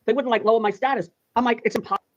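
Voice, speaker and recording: A man's voice: extremely high pitch, fairly even intonation, very fast. A man telling a profane comic rant, swearing and acting out both sides of a phone call. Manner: swearing, acts out phone calls. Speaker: storyteller in a played clip. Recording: dull lo-fi clip audio.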